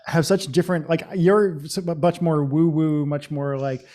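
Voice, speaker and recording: A man's voice: fairly high pitch, warm tone. A man hosting a podcast, talking casually and bluntly, with plenty of swearing and filler words. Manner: fast, blunt and profane, lots of fillers. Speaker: podcast host.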